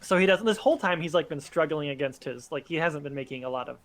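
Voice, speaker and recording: A man's voice: fairly high pitch, fast talker. A young man narrating as game master in casual talk, full of filler words.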